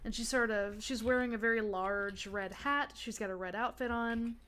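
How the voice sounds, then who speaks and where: A woman's voice: on the high side, normal speed, fairly bright tone. A young woman narrating a tabletop game as game master, chatty with many fillers and restarts.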